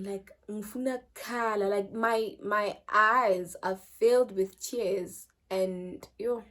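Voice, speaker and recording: A young South African vlogger tells a casual storytime to her channel, chatty and animated. Her middle-pitched voice bursts out loud for emphasis, then fades to near-whispers as she trails off, and she slips Zulu phrases in easily.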